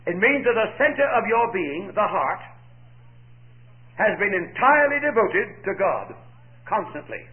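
A man's voice: high-pitched, sing-song, measured pace, pauses often. A man preaching a sermon, emphatic, asking the listeners questions and quoting scripture in old-fashioned English. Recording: tinny narrow-band recording.

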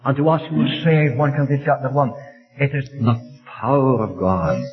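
A man leading a Bible study, teaching in a measured, emphatic way and repeating key phrases. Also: medium pitch, lively intonation, dull audio.

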